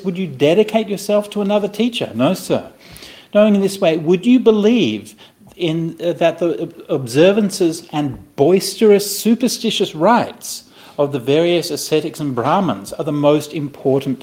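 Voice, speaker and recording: A man teaching a Buddhist scripture to listeners in a conversational, animated way, often checking in with "right?" and making playful asides. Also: mid-range voice. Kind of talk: dharma talk explaining a scripture.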